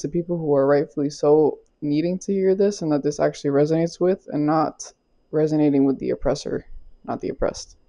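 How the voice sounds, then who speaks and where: A woman's voice: deep voice, dark tone. A young woman giving a casual spiritual tarot reading, loose and playful, swearing, using slang and laughing often. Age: young adult. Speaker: tarot reader.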